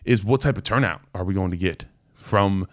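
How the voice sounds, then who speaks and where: A man's voice: sits low, moderate pace. Man, 20s, former player turned show host; casual, rambling delivery full of fillers. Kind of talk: live call-in sports talk.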